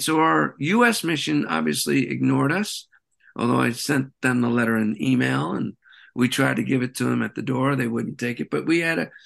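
A man with a gravelly, creaky voice tells his story as an interview guest. He talks in a loose, rambling, animated way and often circles back mid-sentence. His pitch sits in a middle range for a man. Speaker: interview guest, peace activist. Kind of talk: conversational interview.

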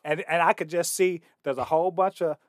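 A man co-hosting a casual chat, joking and excitable, swearing freely. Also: a little high, fairly quick, no room sound, studio quality. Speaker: podcast co-host.

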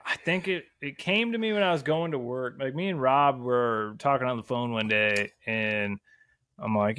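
A man's voice: mid-range voice, a little fast, fairly bright tone, dry recording. A young adult man chatting casually as a podcast guest, rambling and swearing often in a laid-back way. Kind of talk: casual chat.

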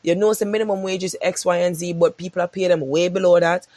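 A woman's voice: lowish voice, fairly even intonation, quick pace, darkish tone, no room sound. A woman in casual podcast chat, pressing her points with rhetorical repeats.

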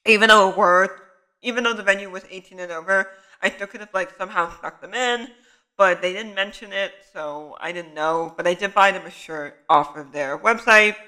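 Young male vlogger, high-pitched and chatty, casual storytelling. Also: moderate pace, low-quality recording. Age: young adult. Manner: chatty, many "like" fillers, animated retelling. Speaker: student photographer.

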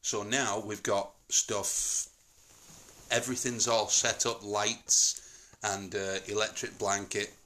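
Low-voiced Northern English man, middle-aged, joking and rambling, relaxed home podcast. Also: takes it slowly. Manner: rambling, jokey, digressive. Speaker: podcast host. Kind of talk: casual family chat.

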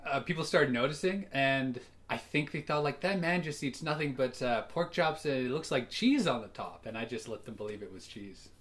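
Bright-voiced rambling man. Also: medium pitch, animated, normal speed, few pauses. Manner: rambling, giggly, lots of fillers. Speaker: podcast co-host. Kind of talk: casual comedy podcast chat.

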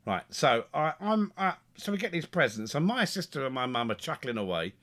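Lively, bright-voiced storyteller man. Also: fairly high pitch, a little fast. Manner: animated, chuckling, repeats words when excited. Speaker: podcast co-host. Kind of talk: comic storytelling in casual chat.

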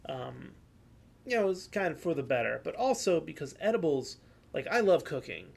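A man's voice: fairly high pitch, sing-song, moderate pace, creaky. A young man co-hosting a podcast in casual chat, rambling with lots of fillers and the odd swear word. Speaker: podcast co-host.

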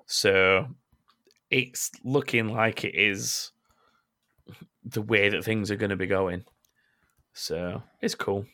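A man's voice: on the low side, fairly even intonation, takes it slowly, pauses often, bright, forceful tone. A man co-hosting a casual gaming podcast, ranting bluntly and swearing freely. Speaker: podcast co-host.

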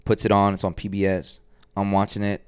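A man, a guest artist on a podcast, telling stories in a casual, animated and profane way and acting out the voices of people he quotes. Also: fairly low pitch, a little fast, smooth, no echo, clean studio sound.

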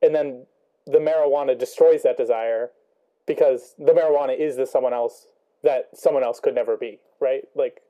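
A man's voice: mid-range voice, fairly even intonation, normal speed, warm tone. A young man talking through a book chapter casually, thinking aloud with many ums and rhetorical questions. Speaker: student discussing a book.

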